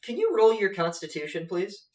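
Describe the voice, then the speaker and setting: A man narrating a tabletop game as game master, halting and filling pauses with lots of fillers. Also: high-pitched, big pitch swings, a little mellow, distant mic. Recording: echoey room, off-mic.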